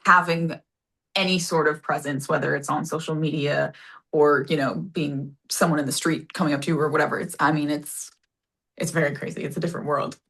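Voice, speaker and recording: A woman with a somewhat low voice and an accent that sits between American and English. She talks at length in a casual, rambling way, often apologizing. She is speaking on a video call. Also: fairly even intonation, brisk, a bit bright. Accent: mixed American and English. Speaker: actor and audiobook narrator, guest. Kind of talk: casual interview conversation.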